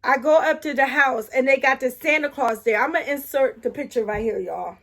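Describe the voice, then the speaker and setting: A middle-aged woman telling a casual story-time vlog. She speaks animatedly, keeps turning to her viewers with asides, and restarts her sentences often as she gets excited. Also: high-pitched, fairly quick. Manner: animated, talks straight to viewers with frequent asides.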